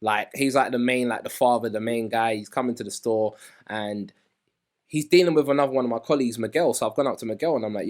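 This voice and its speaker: A man's voice: mid-range voice, fast talker, darkish tone. A young man co-hosting a podcast, telling stories in casual chat with many restarts. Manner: rambling storyteller with many restarts. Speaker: podcast co-host.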